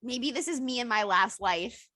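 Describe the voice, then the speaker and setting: A young woman co-hosts a casual podcast in a bright, fairly high voice. She rambles from story to story, swears freely and keeps breaking into laughter. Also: lively intonation, moderate pace, no echo. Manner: profane, rambling, laughs often. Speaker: podcast co-host. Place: outdoors at her mother's home. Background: dog barking and squirrel noises.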